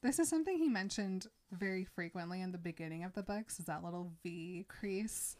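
A woman's voice: fairly low pitch, a little mellow. Chatty woman recapping a novel. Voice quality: chatty, retells scenes with quick quoted voices. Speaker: podcast host recapping a book. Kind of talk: casual book recap chat.

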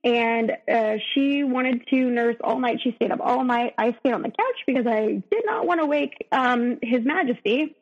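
A woman with a somewhat high voice recounts her personal story as an interview guest, earnest and emotional, often breaking off and starting over. The recording is dull and lo-fi. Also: animated, moderate pace. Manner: earnest and emotional, with frequent restarts. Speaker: podcast guest. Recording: dull, lo-fi sound.

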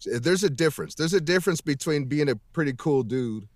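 A man's voice: fairly high pitch, lively intonation, fairly quick, dry recording, clean studio sound. A man in a casual interview, talking emphatically and rambling with heavy swearing, over a video call. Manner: emphatic, profane, rambling with restarts. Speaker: voice actor guest.

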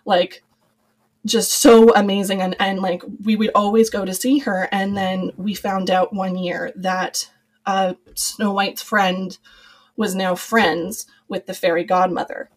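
Animated woman telling a heartfelt story. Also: medium pitch, measured pace, rough recording. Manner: animated storyteller, quoting others in lively voices. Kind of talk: casual chat.

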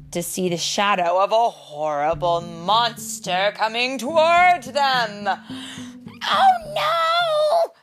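A woman reading a children's storybook aloud in an expressive way, with dramatic pauses and the odd question to young listeners. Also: mid-range voice, gravelly.

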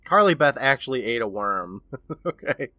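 A man's voice: medium pitch, very animated, moderate pace, bright, forceful tone, no echo, studio quality. A man co-hosting a podcast, reading a friendly outro and bantering casually. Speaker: podcast co-host.

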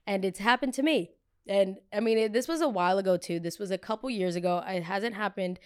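A young woman in her twenties hosting a podcast, telling a story in a candid, animated way and swearing freely. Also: mid-range voice, fairly quick, clear, resonant tone. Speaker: podcast host. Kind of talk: casual confessional storytelling.

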